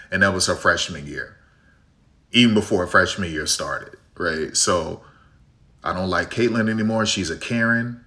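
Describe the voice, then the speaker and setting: A man's voice: sits low, pushed and bright. Blunt, opinionated streamer man. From Chicago. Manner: blunt, opinionated, repeats "right?". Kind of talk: live game-watch commentary and rant.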